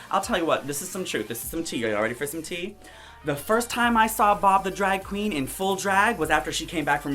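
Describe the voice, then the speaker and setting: A drag queen with a high-pitched, pushed, bright voice recaps a TV show in sassy, profane, theatrical commentary. Brash and campy, she often mimics other people in quotes.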